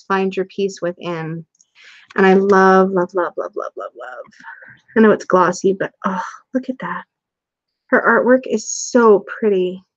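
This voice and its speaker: Excitable woman doing a chatty home live stream, dry dull sound. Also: medium pitch, no echo. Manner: bubbly and excitable, laughs often. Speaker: tarot reader and channel host. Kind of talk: casual live-stream chat. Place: small room at home.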